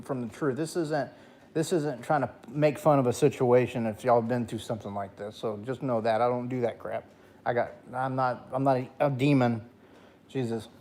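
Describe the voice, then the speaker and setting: Male streamer, casual late-night storyteller, mid-range voice, dry throat, profane and rambling. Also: darkish tone. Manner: profane, rambling, jumps to high voice when quoting. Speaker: gaming streamer.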